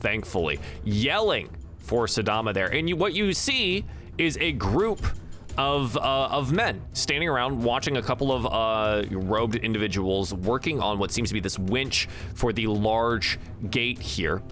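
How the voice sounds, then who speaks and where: A man narrating as game master in a relaxed, chatty way with frequent fillers. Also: medium pitch, measured pace, soft background music.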